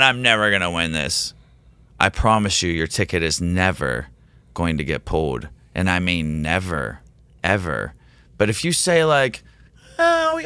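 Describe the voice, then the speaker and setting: A man who teaches, telling a rambling, excitable story as a podcast guest. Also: low voice, smooth, no echo. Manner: rambling, excitable, quotes himself in animated voices. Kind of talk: casual storytelling in a podcast interview.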